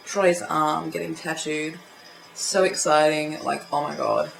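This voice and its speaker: A young woman, chatting excitedly in a casual home vlog, full of fillers and gushing. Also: sits low, unhurried, vocal fry. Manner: gushing, excitable fan talk with many fillers. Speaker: vlogger. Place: indoors at home. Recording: echoey room, light background hiss.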